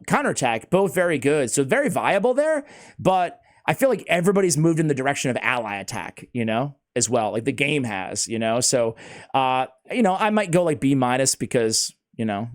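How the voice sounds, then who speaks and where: A man hosting a casual gaming chat, excitable and laughing often, talking like he's with a buddy. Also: medium pitch, normal speed. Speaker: host.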